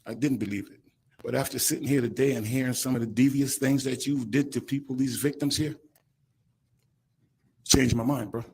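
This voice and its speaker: Crying man with a husky voice. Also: mid-range voice, steady tone, a little mellow. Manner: emotional, halting, breaks off mid-sentence. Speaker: victim giving a statement in court. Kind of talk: courtroom victim impact statement. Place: courtroom. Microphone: podium microphone.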